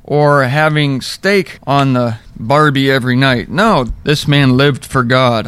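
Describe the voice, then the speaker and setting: A man's voice: medium pitch, steady tone, takes it slowly, few pauses, fairly bright tone, clean tone. A middle-aged man hosting a daily Bible talk, telling stories with humor and mocking asides in a conversational sermon style.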